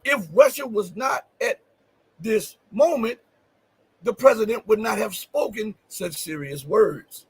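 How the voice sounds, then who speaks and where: A man hosting a livestream, talking in a high and rather husky voice. He leans hard on key phrases, repeating them for weight, and throws questions straight at his viewers. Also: animated, slow pace, no room sound, poor audio. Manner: addresses viewers directly with questions. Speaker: show host. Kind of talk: livestream commentary.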